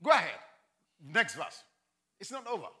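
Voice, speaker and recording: A man's voice: high voice, sing-song, moderate pace, bright, forceful tone, husky. A man preaching a sermon with impassioned delivery and accented English, acting out Bible voices as he goes. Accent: non-native English. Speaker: pastor.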